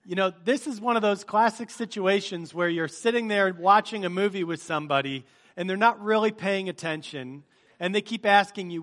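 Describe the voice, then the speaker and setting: Brief: male pastor, slightly higher voice, lively storytelling sermon with scripture reading. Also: normal speed.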